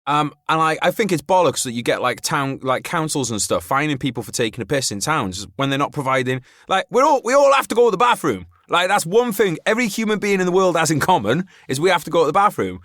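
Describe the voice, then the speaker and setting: A man's voice: on the high side, lively intonation, quick pace, hardly any pauses, fairly bright tone, no room sound, studio quality. A man hosting a podcast, chatting casually in a rambling way, with lots of "like" and swearing. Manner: rambling, swears freely, frequent fillers. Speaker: podcast host. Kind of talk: casual chat.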